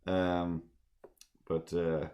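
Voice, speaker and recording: A man's voice: low voice, completely flat delivery, drawn-out words, darkish tone. A man chatting casually on a drawing livestream, rambling and poking fun at himself with lots of fillers. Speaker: streamer and artist.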